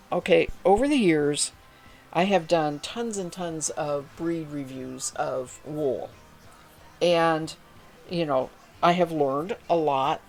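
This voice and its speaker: A woman with a deep, darkish voice hosts a spinning livestream. She chats casually and reads viewer messages aloud in a friendly, rambling manner.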